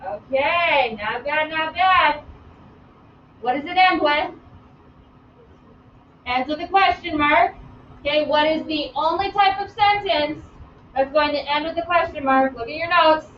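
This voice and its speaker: A woman teaching grammar in a live online class, lively and playful, calling on students by name. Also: high-pitched, a little slow, slight background noise. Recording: roomy, distant, dull sound.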